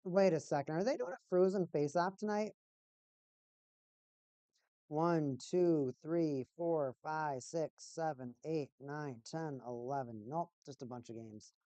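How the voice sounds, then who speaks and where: Streamer, woman, lowish pitch, playful rambling sports chat, close dry mic. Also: unhurried, dark tone, no echo. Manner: playful, rambling, repeats phrases in a sing-song way. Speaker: streamer hosting a hockey watch party. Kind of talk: casual livestream chat with play-by-play.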